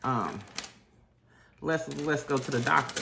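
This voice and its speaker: A female vlogger with a low voice, speaking at normal speed over background noise, rants casually while telling a story. She's animated and acts out what people said in shifting voices.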